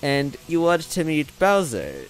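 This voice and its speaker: Dude doing a creepy-sweet old witch turtle lady, high and squeaky, sly. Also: huge pitch swings, a little slow, soft background music. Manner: sugary with sudden snapping.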